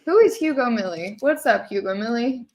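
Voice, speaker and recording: A woman's voice: on the high side, lively intonation, a little mellow. A woman co-hosting a casual livestream chat, giggly and teasing. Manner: giggly, teasing, quick to joke. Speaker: co-host.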